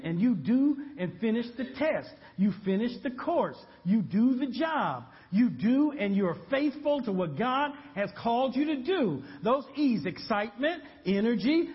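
A male pastor preaching a sermon, animated and humorous, building to shouts. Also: very high-pitched, unhurried, hardly any pauses, big-room sound, dull audio.

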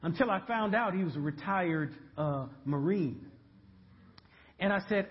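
A male pastor preaching a sermon, animated and humorous, building to shouts. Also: high-pitched, unhurried, in a large hall, lo-fi sound.

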